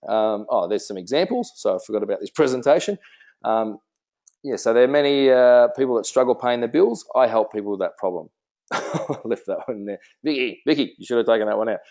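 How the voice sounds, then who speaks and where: A man's voice: medium pitch, fast, a little mellow. A man giving a casual sales training presentation, talking in a chatty way with many fillers and restarts, acting out sample conversations.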